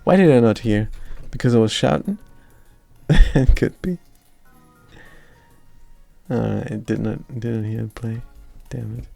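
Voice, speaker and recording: A man's voice: mid-range voice, takes it slowly, gravelly, pauses often, mellow, dry recording, faint music behind. A man streaming live, talking through his code as he works and mumbling his thoughts aloud, often trailing off. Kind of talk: live coding commentary.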